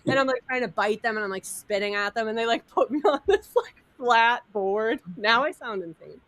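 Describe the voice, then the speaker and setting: A woman in her thirties telling a wild personal story in casual chat, animated and laughing, acting out quotes over a video call. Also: a little high, moderate pace, no room sound.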